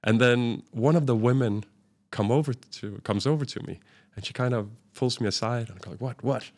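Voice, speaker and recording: A man's voice: medium pitch, normal speed, darkish tone. A man, a guest in an interview, telling a vivid travel anecdote and acting out the dialogue he quotes. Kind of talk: storytelling in a conversational interview.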